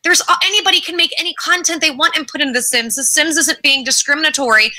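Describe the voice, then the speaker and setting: A woman chatting on a casual online panel, telling a story with animated laughter and some swearing. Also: sits high, fast talker, poor audio.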